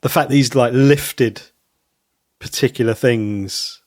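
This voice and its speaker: A man co-hosting a podcast in casual chat, rambling and pausing on many ums. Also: mid-range voice, a little mellow, no room sound, studio quality. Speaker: podcast co-host.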